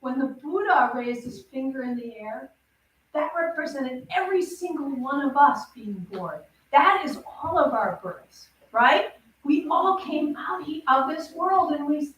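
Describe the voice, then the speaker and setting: A woman teaching children in a playful, animated storytelling sermon in a temple hall, recorded in an echoey hall from far off. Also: sits high, a little slow.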